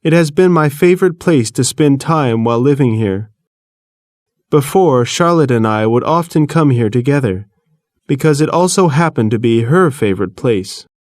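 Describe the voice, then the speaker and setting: A man reading an audiobook in the first person, measured and earnest, recorded close to the mic. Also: medium pitch, expressive, a little mellow, no echo. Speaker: audiobook narrator. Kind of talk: first-person scripted narration.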